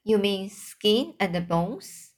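A woman's voice: medium pitch, animated. A woman reading as a curious little girl. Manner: halting read-aloud.

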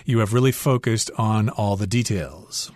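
A man's voice: fairly low pitch, moderate pace, darkish tone. A man teaching English on a radio lesson, explaining words and lines of dialogue with patient everyday examples.

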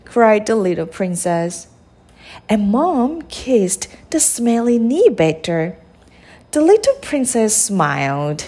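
A woman hosting a podcast, reading a children's picture book aloud in a slow, expressive way. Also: medium pitch, husky. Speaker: podcast host and storybook reader.

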